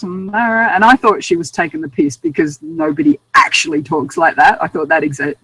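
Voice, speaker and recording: A woman's voice: low-pitched, normal speed, creaky, few pauses, a bit bright, slightly rough, poor audio. Chatty Australian woman telling travel stories. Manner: chatty, self-amused, often laughing. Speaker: guest author. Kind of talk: casual interview storytelling.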